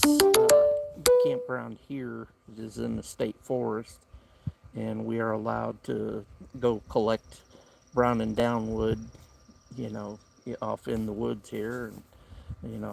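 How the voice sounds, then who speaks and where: A man's voice: mid-range voice, creaky, slight background noise. A man with a Southern US accent hosting a casual camping livestream outdoors, talking in an easygoing, rambling drawl. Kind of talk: casual live-stream chat. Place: outdoor campsite by the woods.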